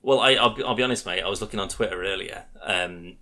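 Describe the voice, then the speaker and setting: A man's voice: lowish voice, fast, bright, forceful tone. A man co-hosting a podcast, chatting casually and giving his opinions emphatically. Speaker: podcast co-host. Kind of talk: casual chat.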